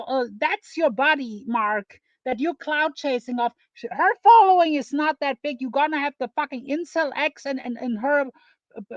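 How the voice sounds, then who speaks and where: A woman's voice: high voice, dry recording, dull audio. A woman from Germany hosting a livestream, reacting to a clip with exasperated, profane commentary. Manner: exasperated, swearing, rambling.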